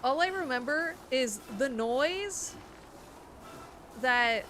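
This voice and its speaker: Youngish woman streamer rambling about old cartoons, a bit high voiced, loud game sounds behind. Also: lively intonation, slow pace. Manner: rambling and nostalgic, trails off into musing. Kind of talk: casual chat while gaming. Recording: noisy game audio behind.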